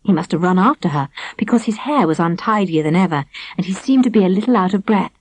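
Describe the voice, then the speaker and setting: A woman narrating a children's storybook audiobook in an expressive reading voice, close to the mic. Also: on the low side, quick pace, no room sound, poor audio.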